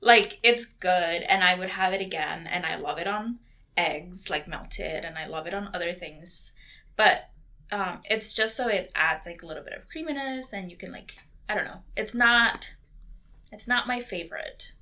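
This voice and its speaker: A woman's voice: lowish voice, normal speed, pushed and bright. A young woman co-hosting a podcast, chatting in an easygoing, teasing way and hedging her opinions. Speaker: podcast co-host. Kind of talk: casual chat.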